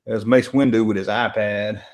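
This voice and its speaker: A man's voice: fairly low pitch, steady tone, normal speed, darkish tone. A man, casually talking over a movie and reading chat aloud on a late-night stream. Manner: laid-back, rambling, jokey asides. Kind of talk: casual live commentary while reading chat. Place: home room, late at night.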